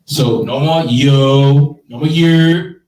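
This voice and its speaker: A man's voice: medium pitch, takes it slowly. Stand-up comic man in his thirties, echoey. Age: 30s. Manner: animated, slangy, chats with audience. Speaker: stand-up comedian. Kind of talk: stand-up set. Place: live comedy show room. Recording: echoey room, mic from far off.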